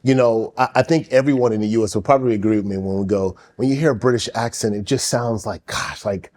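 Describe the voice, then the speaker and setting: A man's voice: on the low side, fast talker, darkish tone. A man hosting a casual podcast chat, enthusiastic and steering the talk with questions. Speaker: podcast host.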